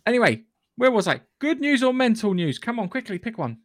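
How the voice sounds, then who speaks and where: A man co-hosting a podcast, brisk and teasing, swearing casually as he brings up news. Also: extremely high pitch, very animated, no echo, clean studio sound. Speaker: podcast co-host. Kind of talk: casual chat.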